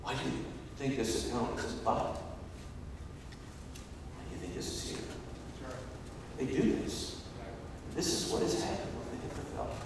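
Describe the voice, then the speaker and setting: A man preaching a sermon as a pastor, telling a story and rising to loud, emphatic peaks. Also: mid-range voice, huge pitch swings, normal speed, vocal fry, pauses often, background noise. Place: large church sanctuary. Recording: echoey hall, distant mic.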